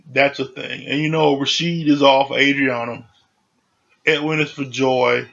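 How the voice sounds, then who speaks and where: A man with a gravelly, fry-heavy voice talks through a reality show episode in a loose, chatty way, leaning on "you know" and "like." His pitch sits in a middle range. The audio is dull and muffled, like a lo-fi home recording. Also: fairly even intonation, moderate pace, a bit bright. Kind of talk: casual recap commentary.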